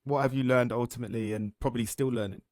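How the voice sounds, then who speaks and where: A male podcast host who asks thoughtful, reflective questions and answers with open empathy. His voice is middle-pitched and captured dry and close. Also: fairly even intonation, fast, a little mellow, dry recording. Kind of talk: interviewing on a self-development podcast.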